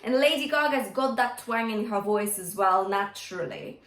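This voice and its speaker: A woman's voice: medium pitch, moderate pace, fairly bright tone. Encouraging woman vocal coach, echoey room. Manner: encouraging, checks in with "yeah?" and "okay?". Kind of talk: singing lesson with demonstrations.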